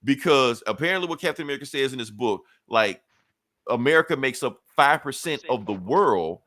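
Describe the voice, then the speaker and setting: A man talks through a comic book plot for his podcast co-host, animated and loose, jumping into the characters' voices as he tells it. His voice sits in an ordinary middle range. The sound is close and dry, with no room around it. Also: medium pitch, brisk, no room sound. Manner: animated storytelling, acts out characters' lines; swears casually and laughs often. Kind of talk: casual comic recap chat.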